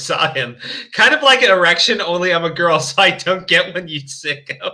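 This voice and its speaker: A male streamer with a strikingly bright, sharp tone reads a fan story aloud and mocks it. His pitch swings widely as he laughs, swears and trips over restarts. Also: expressive, normal speed, vocal fry. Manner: laughing, crude, hesitant restarts. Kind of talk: casual chat and mocking story reading.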